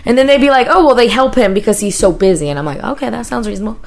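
A woman's voice: a little high, very fast. A woman in her thirties co-hosting a podcast, telling a rambling, profane story in casual chat. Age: 30s. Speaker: podcast co-host.

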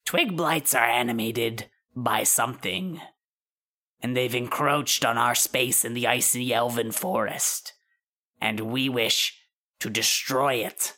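A woman voicing an ancient elemental being who speaks formally and gravely in a tabletop game. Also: rumbling low, takes it slowly, bright, forceful tone, full character voice. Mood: solemn. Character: ancient elemental being, male, grand and solemn.

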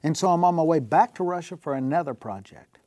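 A man's voice: on the high side, expressive, fast talker, mellow, no echo. A man, a guest on a Christian talk show, telling a personal story in a casual, anecdotal way with the occasional chuckle. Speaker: guest telling faith stories.

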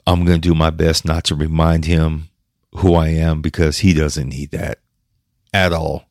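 A man hosting his own podcast, talking emotionally and haltingly with restarts, choked up and close to tears. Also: very deep voice, level tone, darkish tone, no echo. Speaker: podcast host. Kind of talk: personal podcast monologue.

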